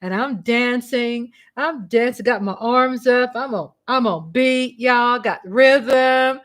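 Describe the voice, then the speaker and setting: A woman hosting a casual livestream from home, chatty and excitable, breaking into shouts and laughter. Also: high-pitched, measured pace. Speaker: livestream host.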